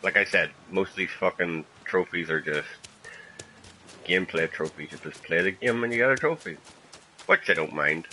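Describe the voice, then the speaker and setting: A man's voice: deep voice, animated, moderate pace, bright, forceful tone, slight background noise, low-quality recording. A man hosting a gaming channel, giving casual gameplay commentary in a profane, self-mocking way.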